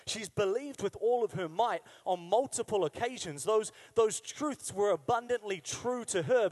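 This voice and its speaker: A man preaching a sermon in a conversational style. He asks the listeners questions and repeats key phrases for emphasis. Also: high-pitched. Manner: emphatic repetition. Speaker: pastor.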